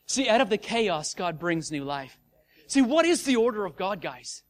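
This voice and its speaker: Speaking at a normal speed in a high-pitched voice, a man delivers a casual, energetic sermon. He addresses his audience directly and occasionally shouts while acting out scenes.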